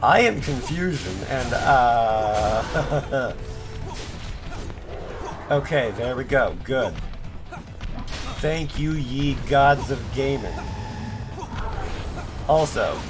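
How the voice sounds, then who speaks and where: A man's voice: medium pitch, expressive, very slow, pauses often. A man streaming gameplay, chatting in a sarcastic, joking way with rambling asides. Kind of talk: live gameplay commentary. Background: game music.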